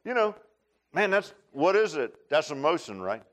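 At a moderate pace, a male pastor gives a lively, folksy sermon in church, speaking directly to the people in the pews. His delivery moves from low asides up to high shouts.

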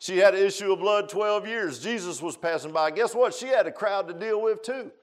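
A high-pitched male preacher with a drawl delivers a sermon. His talk is folksy and full of "man" and "huh?", dropping to quiet asides and then climbing to loud, urgent exhortation. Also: brisk. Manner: repeats "I'm gonna tell you what" and "man", asks "huh?".

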